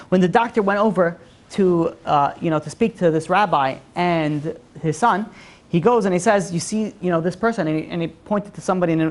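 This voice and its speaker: A woman teaching a religious class, telling stories in a lively way with many "you know, like" fillers and acted-out quotes. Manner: animated storyteller, acts out quotes with big pitch jumps. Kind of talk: religious lesson storytelling.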